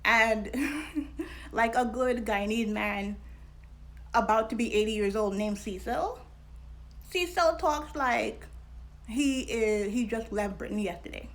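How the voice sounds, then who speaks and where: A woman with a fairly high voice hosts an educational vlog. She is candid and chatty, laughs often and slips into slang. Her delivery stays conversational and relaxed. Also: slow, long pauses. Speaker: vlog host and scholar. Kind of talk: casual educational talk.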